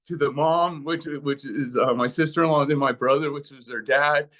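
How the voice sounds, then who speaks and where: As a guest speaker, an American man with a voice on the high side recounts a moving personal story at normal speed. He brings it to life, animatedly acting out the voices within it.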